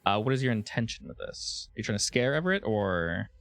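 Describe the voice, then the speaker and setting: A man running a tabletop game as game master, narrating in a relaxed way with frequent restarts. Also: fairly low pitch, brisk.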